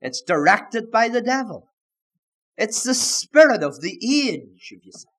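A man preaching a sermon at a church service, fervent, stretching out words for emphasis and rising to loud shouts, with strings of rhetorical questions. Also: high voice, sing-song, unhurried.

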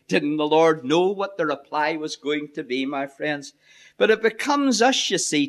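A man preaching a sermon, reading scripture aloud and expounding it slowly and deliberately with dramatic pauses. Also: fairly high pitch, fairly bright tone.

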